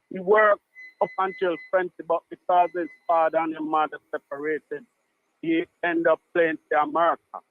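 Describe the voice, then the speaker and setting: A Jamaican man calls in to a radio show, heard through a thin, phone-like line. His voice sits high, and he talks in an animated way, slipping into patois and repeating himself. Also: dry recording. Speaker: caller. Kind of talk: call-in radio chat. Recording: tinny phone line, dry.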